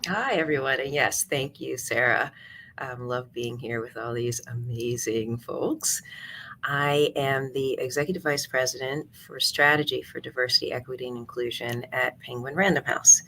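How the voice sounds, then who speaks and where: A woman panelist introducing herself on a video call in a warm, gracious way. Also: rumbling low, fairly even intonation, moderate pace, a little hiss or hum.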